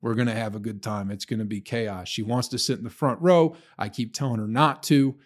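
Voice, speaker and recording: A man's voice: mid-range voice, steady tone, brisk. A man, a stand-up comedian, talking in a loose, profane monologue and laughing at his own stories. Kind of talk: casual solo podcast monologue.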